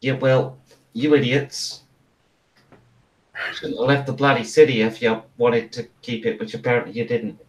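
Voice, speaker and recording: A man voicing a cocky male kangaroo king in a tabletop game, with a gruff, bragging, put-on Australian accent that slips. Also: medium pitch, steady tone, normal speed, long pauses, far from the mic, natural voice, poor audio. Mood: boastful.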